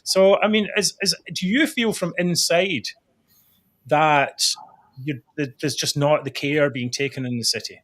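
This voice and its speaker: Host, man from Scotland, slightly high, loose rambling chat. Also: a little slow, a bit bright. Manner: chatty, rambling, laughs easily. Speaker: talk show host. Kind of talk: casual political chat.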